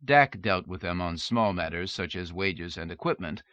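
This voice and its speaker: A male audiobook narrator reads in a steady, measured way. His voice is low-pitched and forceful, with a bright, hard edge. The close, dry recording is dull and lo-fi, like an old tape. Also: no echo.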